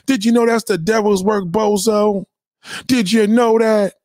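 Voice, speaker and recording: Guy preaching on his stream, fired up and cussing, kinda high voice, dry close sound. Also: steady tone, a little slow, darkish tone, no echo. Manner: heated, preachy, swears constantly, repeats himself. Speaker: livestream host. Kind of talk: profane motivational rant. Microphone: home webcam mic.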